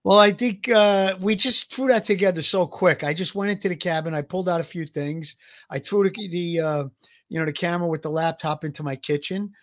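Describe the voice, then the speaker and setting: A man's voice: sits high, fairly even intonation, fairly quick. A man in his sixties with a Brooklyn accent, an ex-detective co-hosting a podcast, chatting easily and rambling with many fillers. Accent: Brooklyn New York. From Brooklyn, New York. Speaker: podcast co-host, former police detective. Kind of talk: casual podcast chat.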